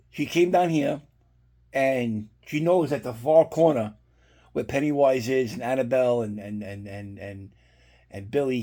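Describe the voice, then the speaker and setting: A middle-aged man with a warm, mid-range voice chats casually while showing off horror collectibles. He rambles through a story full of profanity in this relaxed unboxing chat.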